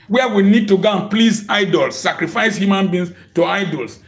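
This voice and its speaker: A middle-aged man preaching a sermon, impassioned and full of rhetorical questions, sometimes breaking into shouts. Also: high voice, normal speed, creaky. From Africa.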